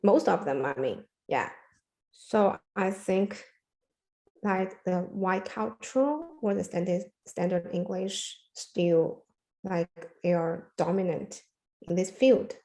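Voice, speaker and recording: A woman's voice: on the low side, dark tone, reverberant, poor audio. A woman speaking thoughtfully and hesitantly in an interview. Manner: slow, hesitant, many fillers.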